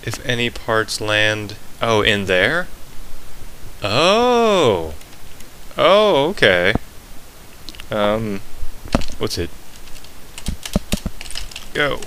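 A man's voice: on the low side, big pitch swings, drawn-out words, long pauses, pushed and bright, slight background noise, low-quality recording. A young man giving frustrated, goofy running commentary while playing a video game. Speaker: gameplay commentator. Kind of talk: let's play commentary.

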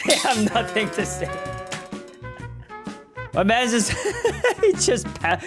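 A young man narrates his gameplay in a lively voice that swings up and down in pitch. He laughs a lot and teases the players around him. Soft music plays behind him. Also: slow, pauses often. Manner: laughs often, teasing and animated. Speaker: gaming YouTuber. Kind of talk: playful gameplay commentary.

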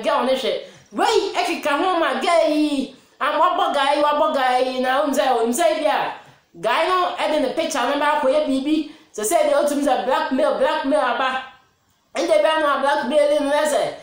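A woman with a Ghanaian accent hosting a chatty news commentary, laughing often and mixing English in. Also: sits high. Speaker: host. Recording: very echoey room.

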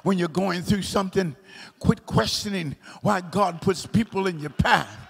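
A man preaching a sermon in a large church hall, in a sing-song cadence that climbs into shouts. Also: sits high, moderate pace, gravelly, husky. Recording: long hall reverb.

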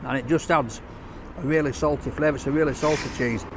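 Male food vlogger, jokey and upbeat, slightly high voice, recorded outdoors. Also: steady tone, quick pace, noisy background. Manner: chatty, enthusiastic, jokey. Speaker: takeaway reviewer. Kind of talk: casual food review vlog.

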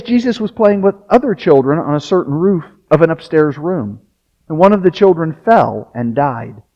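A man's voice: high-pitched, a little mellow. A male pastor preaching a sermon, reading a long passage aloud with casual asides. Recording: dull lo-fi sound.

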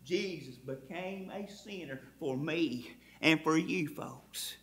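A man preaching a sermon as pastor, fervent, swinging from loud cries to hushed drops. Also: a little high, takes it slowly.

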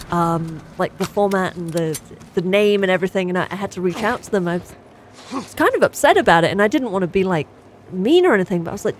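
A woman's voice: medium pitch, slight background noise. A woman with a British accent, chatting casually as co-host on a gaming livestream and reading out chat messages, laughing often.

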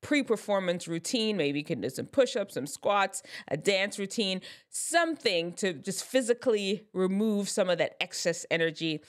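A woman's voice: mid-range voice, lively intonation, normal speed, few pauses. A woman giving advice in a chatty, loose way, often correcting herself mid-sentence as she explains science terms. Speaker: advice vlogger. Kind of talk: casual explanatory talk.

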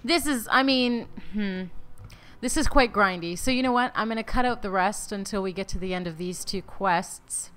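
A woman's voice: medium pitch, moderate pace, a bit bright, clear, resonant tone. A woman hosting a Let's Play, giving casual, rambling and candid gameplay commentary aimed at her viewers.

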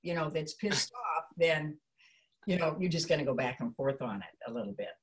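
A woman's voice: low-pitched, normal speed. A middle-aged woman teaching character voice technique, switching between demonstration voices and explanation. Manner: animated, jumps between demo voices and explanation. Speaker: voice acting teacher.

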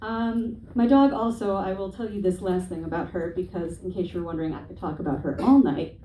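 Brief: woman stand-up in her twenties, wry and profane, mellow tone, off-mic in an echoey club with faint room hum. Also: lowish voice, fairly quick. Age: 20s. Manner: self-deprecating, profane, wry asides. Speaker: stand-up comedian. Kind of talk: stand-up comedy set. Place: comedy club stage. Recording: echoey room, heard from a distance.

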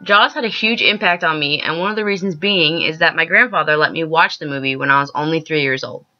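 Young woman, earnest emotional vlog rant, bright tense voice, dull lo-fi audio, soft piano behind. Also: sits low, brisk. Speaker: vlogger. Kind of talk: scripted personal vlog rant. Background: soft piano music.

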